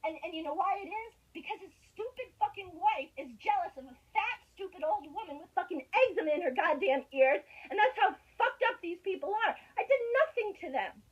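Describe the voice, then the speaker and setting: Very high-voiced woman ranting, lo-fi. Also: lively intonation, a little fast, hardly any pauses. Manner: agitated, profane, ranting. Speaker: tenant. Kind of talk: heated argument, secretly recorded. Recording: dull lo-fi recording.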